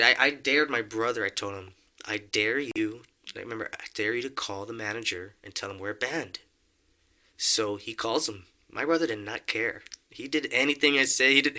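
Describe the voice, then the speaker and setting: A man's voice: mid-range voice, pushed and bright. A young man telling a story in casual conversation, acting out quotes and laughing often. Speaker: podcast guest.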